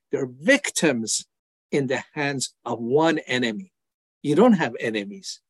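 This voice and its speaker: An older man tells his testimony in an interview, earnest and heartfelt. His voice sits fairly high for a man. The sound is close and dry. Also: lively intonation, unhurried, no room sound. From Iran. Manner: earnest, acts out prayers and voices in dialogue. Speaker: evangelist guest.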